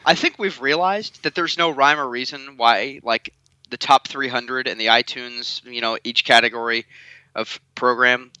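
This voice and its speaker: Male podcast co-host, teasing and sarcastic, bright edgy tone, dry close mic. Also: medium pitch, moderate pace, clear, resonant tone, no room sound, highs cut off. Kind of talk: casual podcast banter.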